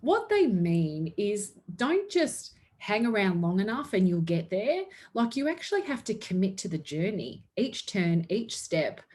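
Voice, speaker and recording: A woman of medium pitch gives her sales team an earnest motivational pep talk. She sounds upbeat and laughs often between points. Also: sing-song, measured pace, few pauses, a little mellow. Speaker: network marketing team leader.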